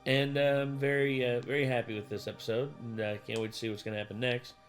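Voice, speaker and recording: A man's voice: mid-range voice, quick pace. Male reaction co-host, casual and joking, chatty, faint music underneath. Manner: animated, jokey, acts out characters in silly voices.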